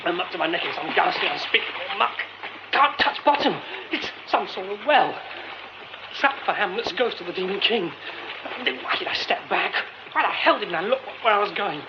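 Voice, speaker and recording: A flustered young theatre director who mutters to himself and speaks up in a bright, high voice that rises and falls a lot. It is a muffled radio play with clear background hiss. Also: male voice, expressive, fairly quick. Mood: panicked. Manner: muttering to himself, then panicked. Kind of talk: radio drama acting.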